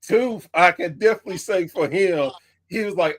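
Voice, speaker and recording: A man's voice: high-pitched, moderate pace. A man hosting a podcast, easygoing and laughing often in casual interview chat. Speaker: podcast host.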